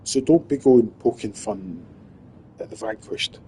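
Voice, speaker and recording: A man streaming live, rambling and swearing through an animated monologue. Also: medium pitch, measured pace, a little hiss or hum, rough recording.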